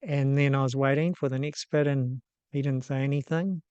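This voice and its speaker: NZ man in his 50s, host telling a personal story, steady flat delivery, lots of ums, dry close sound. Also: medium pitch, clean tone, no echo, dull audio. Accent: New Zealand. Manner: casual and unhurried, with frequent ums and restarts.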